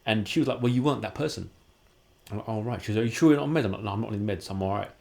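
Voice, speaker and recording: Fast-talking man in his forties. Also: fairly low pitch, creaky, darkish tone. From London, England. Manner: casual, acts out quoted dialogue in his stories. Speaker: podcast guest. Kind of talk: candid personal storytelling.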